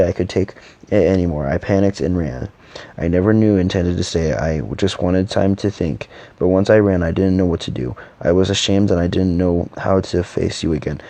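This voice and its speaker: A man reading a fantasy story aloud and voicing all the characters himself, in a halting delivery with frequent stumbles and restarts. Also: low-pitched, warm tone, no echo. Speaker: narrator voicing every character.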